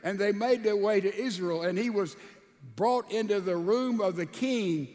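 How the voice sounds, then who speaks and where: A man's voice: high voice, normal speed, a little mellow. A man preaching a sermon, retelling a scripture story in a folksy way and acting out the characters' words. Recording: long hall reverb.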